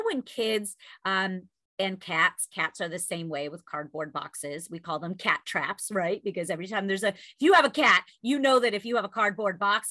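A woman in her thirties coaching salespeople with a bright, ringing voice and plenty of energy. She speaks fairly high and keeps calling her listeners friends. The sound is close and dry. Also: no echo. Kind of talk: motivational talk with personal story.

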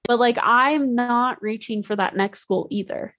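Young female podcast host, slightly high voice, dry close mic, loose and candid monologue with fillers and swearing. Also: measured pace, a bit bright, no room sound. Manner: candid, rambling, frequent "like" and swearing. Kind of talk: casual monologue.

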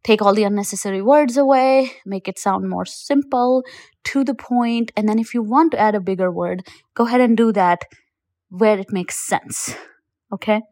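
A woman's voice: medium pitch, normal speed, darkish tone, no room sound, studio quality. A woman confidence coach giving motivational advice in a podcast voice note, direct and encouraging, repeating her points for emphasis. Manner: encouraging, addresses listener as you. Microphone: recorded as a voice note.

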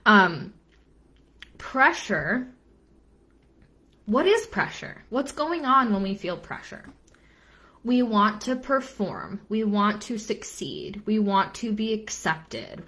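A woman's voice: medium pitch, a bit bright. A young adult woman business coach giving an earnest live-stream talk, repeating phrases for emphasis and dropping casual asides.

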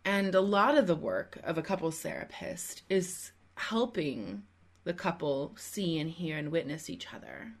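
A woman's voice: deep voice, lively intonation, unhurried. A middle-aged woman hosting a parenting podcast, a couples therapist speaking in a reflective, emphatic way. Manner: reflective, emphatic, building on the guest's points. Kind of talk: podcast interview.

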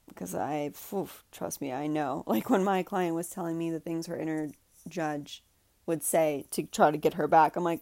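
A woman talking on her own podcast in an earnest, heartfelt way, her voice a little low and gravelly. The sound is dry and close, with no room around it. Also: fairly even intonation, normal speed, no room sound. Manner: earnest, heartfelt, says "like" often; drops to soft, breathy guidance during a breathing exercise. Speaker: podcast host, coach. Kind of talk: emotional solo podcast talk.

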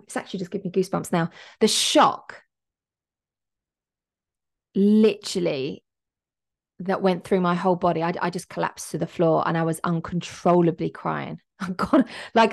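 A woman's voice: mid-range voice, gravelly. A young woman hosting a podcast, telling her personal story in a candid, emotional way and acting out the quotes. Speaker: podcast host.

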